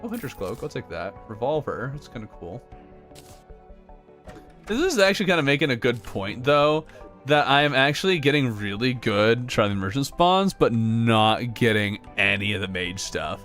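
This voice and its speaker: An American man livestreaming a game, bantering with his chat in a bouncy, animated voice that swings up and down. His pitch sits in the middle for a man, and soft game music plays underneath. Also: moderate pace. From United States. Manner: joking banter, reading chat aloud. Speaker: streamer. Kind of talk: casual gaming livestream chat.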